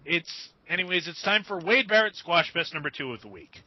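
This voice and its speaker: A man co-hosting a podcast in casual chat, griping with animated exasperation. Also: fairly high pitch, brisk, background noise. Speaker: podcast co-host. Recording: dull, dry lo-fi audio.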